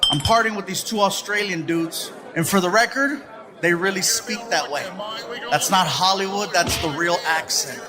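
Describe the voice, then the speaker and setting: A male stand-up comedian tells stories on stage, acting out the people in them with character voices in an animated way. His voice is high-pitched at a moderate pace, recorded live over music with a crowd and audience noise behind him.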